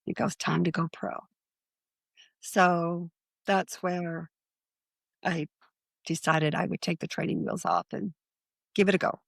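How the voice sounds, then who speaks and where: A middle-aged woman tells her story as a podcast guest, slipping into other people's voices as she quotes them. Her voice carries a gravelly fry, and it sounds close and dry with no room around it. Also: fairly low pitch, measured pace, long pauses, dry recording. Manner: animated anecdote-telling with acted-out quotes. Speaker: guest, psychic medium.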